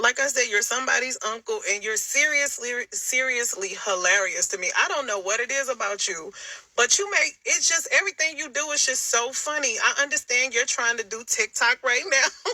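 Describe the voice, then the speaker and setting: A woman's voice: a little high, lively intonation, normal speed, bright, forceful tone, no echo, low-quality recording. A woman from the United States speaking in a teasing, giggly, playfully condescending way in a casual response video. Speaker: TikTok creator replying.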